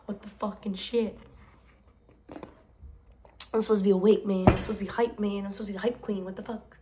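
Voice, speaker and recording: A woman's voice: medium pitch, flat delivery, a little fast, pauses often, very noisy. A tired woman who owns a beauty brand, vlogging in a rambling, profane way and laughing often. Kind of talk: casual vlog monologue.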